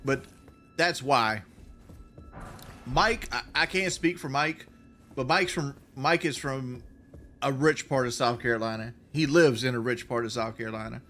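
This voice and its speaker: A man's voice: mid-range voice, unhurried, sharp tone, soft background music. Rambling, foul-mouthed man with light Southern accent. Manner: rambling, profane, full of restarts. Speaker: gaming streamer. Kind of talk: casual gameplay commentary.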